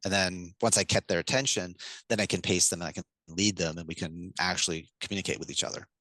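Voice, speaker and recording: A man with a fairly low voice, talking as a podcast guest, quick and animated. He acts out parent lines to a child as he explains. The mic is close and dry, with no room sound. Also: no room sound, poor audio. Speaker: guest speaker on parenting communication. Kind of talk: enthusiastic podcast interview.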